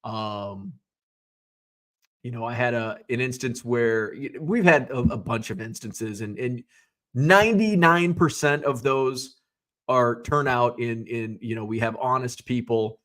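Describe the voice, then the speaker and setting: A middle-aged man hosting a casual livestream, telling stories in a profane, animated way and answering viewers. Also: medium pitch, measured pace. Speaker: livestream host.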